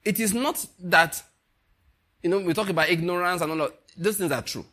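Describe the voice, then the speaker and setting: A man with a Nigerian accent preaching a sermon, animated and laughing, swinging from quiet asides to loud exclamations. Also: high voice, a little fast.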